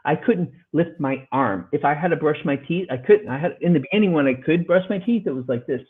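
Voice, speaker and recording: A man's voice: fairly high pitch, brisk, slightly rough. A middle-aged man, a podcast guest, earnestly retelling a hard story and acting out what people said. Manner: earnest, retells dialogue in raised voices. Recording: phone-like audio line.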